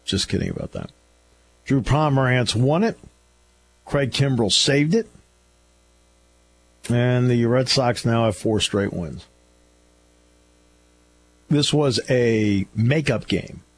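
A man's voice: mid-range voice, slow pace, pauses often. A man hosting a talk radio show in a studio, delivering an opinionated, sarcastic and scolding monologue.

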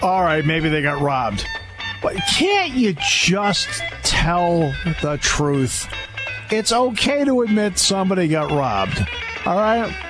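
A male radio host riffs in a sarcastic, scolding monologue from the studio. His voice sits a little high and swings widely in pitch. Faint music plays underneath. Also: big pitch swings, slow. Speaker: radio talk show host. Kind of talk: opinionated talk radio monologue.

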